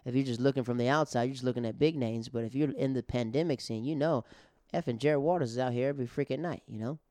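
A man's voice: mid-range voice, quick pace, dark tone, dry recording. A male stand-up comedian telling a long story in a casual, rambling way, with restarts, acting out the other people in it.

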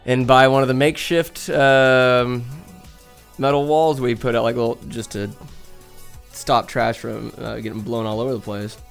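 A man's voice: mid-range voice, flat delivery, moderate pace, creaky, faint music behind. Rambling young man telling cat stories. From Northern California. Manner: rambling and chatty, with profanity and laughs. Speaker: vlogger. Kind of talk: casual rambling storytelling. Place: home room with a bookcase.

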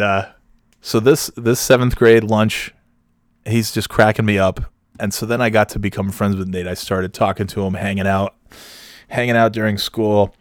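Man, lowish voice, dry close sound, loose profane storytelling with frequent laughs. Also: no echo. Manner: profane, laughing often, rambling restarts. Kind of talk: casual personal anecdote.

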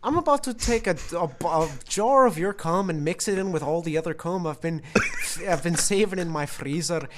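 A man's voice: high voice, normal speed, hardly any pauses, background noise, natural voice. A man doing a rambling, absurd impression of a male pundit professor on a comedy podcast. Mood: rambling rant. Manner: rambling, absurd, deadpan storytelling.

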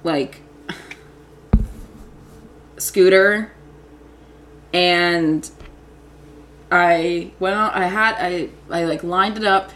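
A woman's voice: fairly low pitch, steady tone, drawn-out words, long pauses, a bit bright, slight background noise. A young woman telling childhood stories in casual chat, rambling and giggling, with lots of "like".

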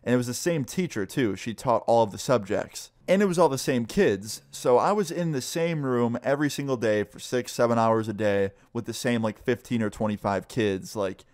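A man's voice: mid-range voice, normal speed, hardly any pauses, a little mellow, dry recording, clean studio sound. A young man casually telling a story, rambling with lots of "like" and swearing freely. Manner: loose, profane, full of "like".

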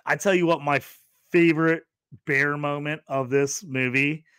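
A man hosting a casual movie review podcast, animated and laughing, acting out quotes in the talk. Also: a little high, a little slow, smooth, no room sound. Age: adult who grew up in the eighties. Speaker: podcast host.

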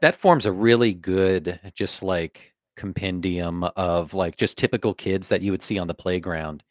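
A man's voice: deep voice, unhurried, no echo, studio quality. A man co-hosting a film podcast, talking loosely and chattily and swearing casually. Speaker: podcast co-host. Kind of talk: casual film-review chat.

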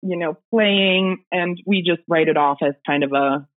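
Over a remote call with tinny phone-line audio, a woman guest with a fairly low voice and measured pace casually tells a personal ghost story. She rambles, using fillers and little laughs.

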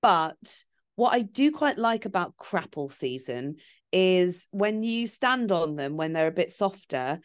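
A woman's voice: fairly low pitch, lively intonation, measured pace, smooth. A woman co-hosting a podcast, chatting casually and often chiming in with short agreements. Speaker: podcast co-host. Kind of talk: casual chat.

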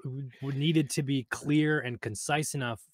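A man's voice: mid-range voice, fairly even intonation, measured pace, no echo. Man, podcast co-host, casual chat, chatty, dry recording.

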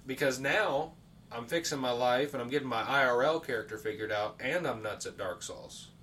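A man's voice: medium pitch, normal speed, a bit bright. A man co-hosting a podcast, chatting casually and telling stories in a rambling, swearing way. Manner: rambling storyteller, heavy swearing and fillers. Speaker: podcast co-host. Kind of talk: casual chat. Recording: distant mic, faint background hiss.

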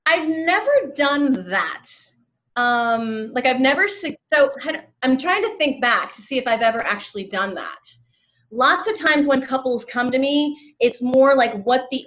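A woman's voice: high-pitched, fairly bright tone. A woman of fifty, a relationship coach, talking openly and reflectively in a casual conversation, with many likes and ums. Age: 50s. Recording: dull lo-fi sound.

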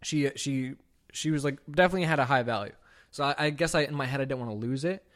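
A young man on his own podcast, recounting a personal story unscripted and heavy with swearing. He talks loosely, leaning on "like" and acting out both sides of the conversation, at a middle pitch. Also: fast. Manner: casual, profane, heavy use of "like"; animated retelling with quoted dialogue. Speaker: podcast host.

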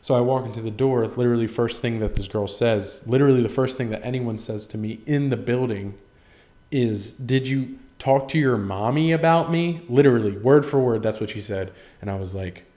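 A man's voice: medium pitch, fairly even intonation, a little fast, few pauses, mellow. A young man hosting a solo podcast, rambling through an awkward story with casual swearing and self-deprecating asides. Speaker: podcast host.

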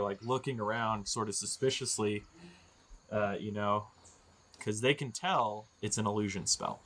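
A man's voice: fairly low pitch, a bit bright, slight background noise. A man narrating as game master of a tabletop game, rambling and joking with lots of fillers.

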